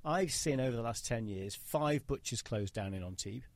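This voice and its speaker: A man's voice: medium pitch, expressive, moderate pace, no room sound. A man hosting a podcast in casual conversation, talking in an opinionated, emphatic and rambling way. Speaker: podcast host. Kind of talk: casual interview chat.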